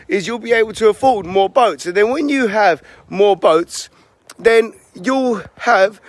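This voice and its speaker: A man's voice: sits high, no room sound, pitched above the performer's own voice, close to an everyday voice. A man doing a pushy, eager business executive.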